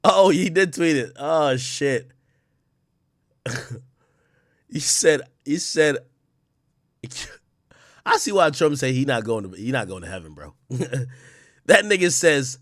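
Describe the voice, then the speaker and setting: A man's voice: mid-range voice, big pitch swings, a little slow, fairly bright tone, no echo. A man streamer reacting to news clips, profane and incredulous, laughing as he goes. His voice swings up and down a lot. The sound is dry and close, with no room around it. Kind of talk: casual reaction commentary.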